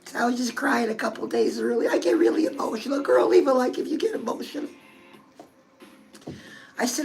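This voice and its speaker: A woman hosts a love and dating advice talk in a high, gravelly voice. She chats in a confiding way, as if to a close friend, while faint music plays underneath. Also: brisk, long pauses, a little mellow, poor audio. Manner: chatty, confiding, addresses listeners as girl. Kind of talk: casual advice talk to viewers.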